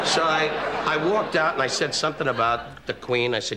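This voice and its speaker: A brash man tells a talk-show anecdote in a mid-range voice, firing off quick punchy asides. The sound is an old television broadcast with steady hiss underneath. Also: mid-range voice. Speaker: guest comedian.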